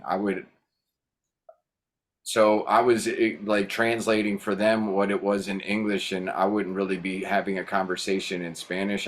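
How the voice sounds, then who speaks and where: A man chatting casually on a video call, rambling and hesitant with frequent restarts. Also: low-pitched. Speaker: workshop host.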